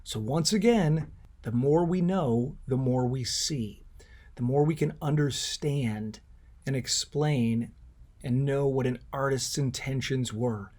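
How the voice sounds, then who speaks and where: A man's voice: mid-range voice, slow, darkish tone. A man giving a recorded art lecture, explaining symbolism in an earnest, explanatory way. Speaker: art instructor.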